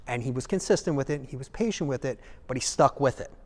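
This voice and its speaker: A man giving a live seminar talk in an animated way, acting out examples and checking in with the audience. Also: medium pitch, fast talker, in a large hall. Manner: animated, acts out examples, asks the audience "okay?". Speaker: seminar speaker.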